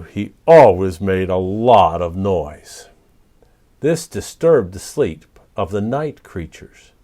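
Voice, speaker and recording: A man reading a picture book aloud to children, speaking gently and pausing to ask the young listeners questions. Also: low voice, animated. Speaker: storyteller.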